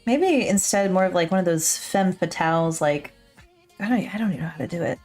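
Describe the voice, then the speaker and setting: A woman artist talking through her drawing as she streams, joking and poking fun at herself. Her voice swings widely in pitch. She speaks into a close desk mic with a pop filter, with faint music behind her. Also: animated, brisk, darkish tone. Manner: chatty, joking, self-deprecating, talks to herself. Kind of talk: casual thinking aloud while drawing. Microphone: her own desk mic with a pop filter.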